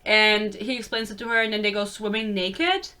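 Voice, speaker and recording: A woman's voice: mid-range voice, steady tone, moderate pace, sharp tone, clear, resonant tone. A woman in her twenties giving a blunt, profane, exasperated book review rant in a casual vlog.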